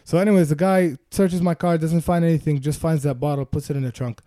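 A young man tells a story in animated, loose podcast chat, swearing freely and tripping over restarts. His voice is fairly high for a man and sounds close and dry. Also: quick pace, no room sound.

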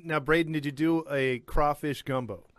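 A man's voice: on the high side, steady tone, moderate pace, no echo. Chatty man hosting an interview. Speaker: host. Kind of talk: casual interview.

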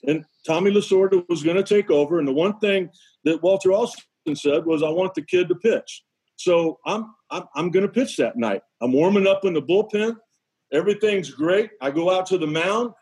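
A man who was a pitcher, telling lively stories on a sports show and acting out other people's lines. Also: moderate pace, breathy edge, poor audio. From Connecticut, USA. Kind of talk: animated storytelling on a sports show.

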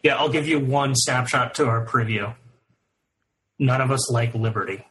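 A man co-hosting a casual sports podcast, throwing in quick jokes and quips. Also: mid-range voice, fairly bright tone, low-quality recording. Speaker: podcast co-host.

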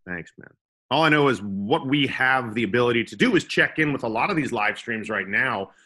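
A man's voice: medium pitch, animated, brisk, sharp tone, husky. A young man co-hosting a comedy podcast, joking around and slipping into silly voices. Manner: goofy, puts on silly voices. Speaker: podcast co-host.

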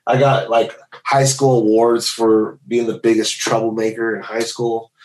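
A man's voice: mid-range voice, little pitch movement, a little slow, poor audio. A man guesting on a podcast over a video call, talking in a laid-back, rambling way. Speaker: guest, bass tech. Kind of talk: casual chat.

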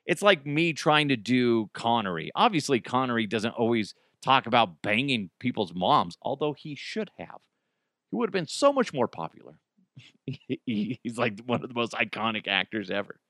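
A man's voice: medium pitch, big pitch swings, moderate pace, a bit bright, dry recording, clean studio sound. A man hosting a casual solo podcast, joking and self-deprecating, laughing often. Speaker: podcast host.

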